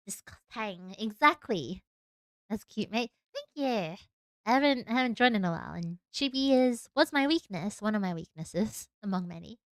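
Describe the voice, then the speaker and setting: A woman's voice: medium pitch, lively intonation, moderate pace, few pauses, no room sound, clean studio sound. A young woman with an Australian accent, chatting casually to her stream while she draws and giggling at herself. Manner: chatty, self-mocking, giggly asides. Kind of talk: casual chat while drawing.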